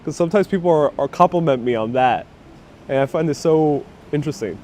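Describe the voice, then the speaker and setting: A man's voice: a little high, a little fast, darkish tone. A man hosting a casual live stream as he walks city streets, chatting upbeat and laughing often, on a clip-on mic with faint traffic behind. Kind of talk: casual live-stream chat reading viewer comments. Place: outdoors on busy city streets. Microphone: wireless clip-on mic with phone on gimbal.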